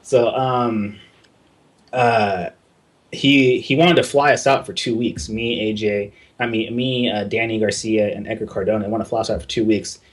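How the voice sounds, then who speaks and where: Husky, low-voiced young man telling a story. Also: fairly even intonation, normal speed. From Southern California. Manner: casual, profane, acts out quoted dialogue in his telling. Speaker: guest concept artist. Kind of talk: casual storytelling interview.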